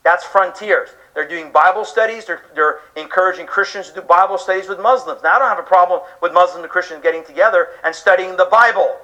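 A man's voice: sits high, quick pace, hardly any pauses, bright, forceful tone, lo-fi sound. A man preaching a sermon-style lecture to an audience, emphatic, firing off rhetorical questions and acting out listeners' reactions.

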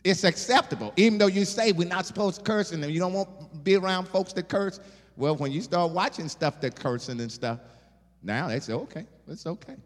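Preacher with a call-and-response delivery. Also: male voice, sits high, fairly quick. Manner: animated, call-and-response, laughing asides. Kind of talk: sermon. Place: church sanctuary. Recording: long hall reverb.

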